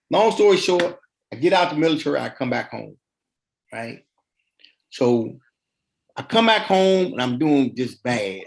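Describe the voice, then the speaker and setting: A middle-aged man tells his own story as a podcast guest, in loose, colloquial talk. His voice is pitched in the normal range for a man but swings widely up and down as he acts out each scene. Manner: colloquial, relaxed street talk. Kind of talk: casual personal storytelling.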